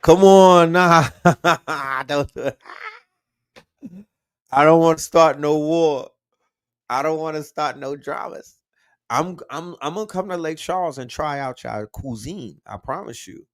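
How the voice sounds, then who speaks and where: A man hosting a casual livestream, talking in slang and shouting out the cities his viewers are watching from. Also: on the high side, measured pace, pauses often, no echo, studio quality. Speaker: livestream host.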